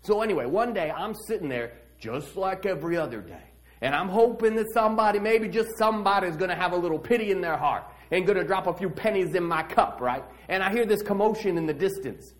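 A brash, eager blind beggar spins his tale in slangy, animated street talk, as a man acts him out. The voice sits high and swoops up and down with energy. It plays as a dramatic monologue within a church service. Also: fast. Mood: excited. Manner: slangy, animated first-person storytelling.

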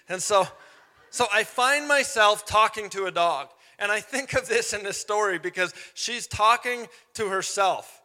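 Man, pastor, sermon, animated funny storytelling, bright tone, reverberant hall. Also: sits high, normal speed. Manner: storytelling with humor, animated asides.

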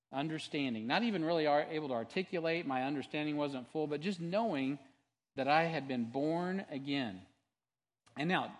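A male pastor preaching a sermon in a conversational, storytelling way, earnest and animated, often restarting and adding asides. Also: a little high, big-room sound. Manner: earnest and animated when testifying.

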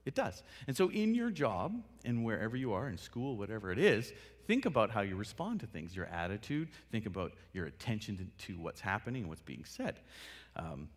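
A man's voice: lowish voice, fairly quick. A man giving a casual talk on listening skills, acting out short exchanges and laughing at himself. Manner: animated, acts out little dialogues with laughs. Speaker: workshop speaker. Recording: long hall reverb.

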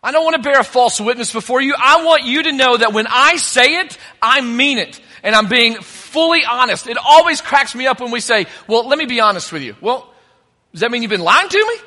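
A man's voice: extremely high pitch, expressive, moderate pace, sharp tone, in a large hall. A man preaching a sermon as pastor, conversational and joking between points.

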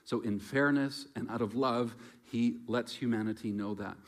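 A man preaching a sermon in a reflective, conversational way, moving between loud emphasis and quiet asides. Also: mid-range voice, steady tone, moderate pace.

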